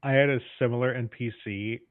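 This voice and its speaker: A man joining a livestream chat as a guest, easygoing and quick to laugh, swearing casually. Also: mid-range voice, fairly even intonation, dry recording. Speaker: guest streamer. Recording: dry, phone-like call audio.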